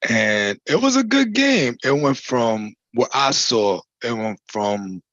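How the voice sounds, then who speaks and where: A man's voice: mid-range voice, big pitch swings, slow pace, fairly bright tone, dry recording. Rambling man on dull lo-fi call audio. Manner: rambling, restarts often. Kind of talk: casual video call chat. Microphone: video call.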